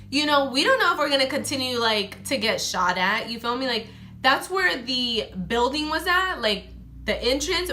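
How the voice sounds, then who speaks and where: A young woman talks straight to the camera in a casual storytime vlog, her voice a little high and bright. She takes her time and acts out her friends' lines as she goes, with "like" scattered through every sentence. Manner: animated, heavy use of "like", acts out friends' lines. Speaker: beauty vlogger.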